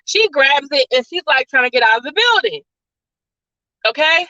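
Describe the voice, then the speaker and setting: Woman, movie reviewer, casual rambling recap, high pitched, dry slightly dull lo-fi recording. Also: very animated, moderate pace, pushed and bright, no echo. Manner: rambling, full of "like" and "all of a sudden". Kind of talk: casual spoiler-filled plot recap.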